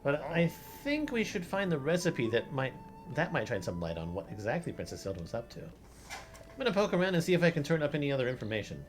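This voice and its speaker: Animated male game streamer. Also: on the high side, quick pace. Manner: laughs often, swears casually. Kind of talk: casual gameplay commentary. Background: game music.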